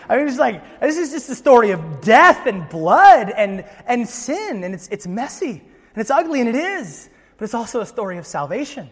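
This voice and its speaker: A man preaching a sermon in a conversational, animated storytelling way, often checking in with "right?". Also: sits high, normal speed, breathy edge, long reverb tail. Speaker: pastor.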